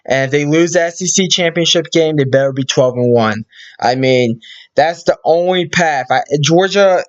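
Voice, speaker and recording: A man's voice: on the high side, moderate pace, lo-fi sound. A man casually talking through his sports predictions, rambling with many fillers and restarts. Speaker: sports video host.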